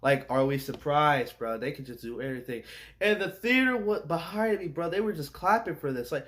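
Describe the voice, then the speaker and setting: A young man with a fairly high voice gives a loose, rambling rant about a film. He talks in slang and stops often to search for words. He sounds exasperated the whole way through. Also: animated, fairly quick, fairly bright tone, a little hiss or hum. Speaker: movie reviewer. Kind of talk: casual movie rant.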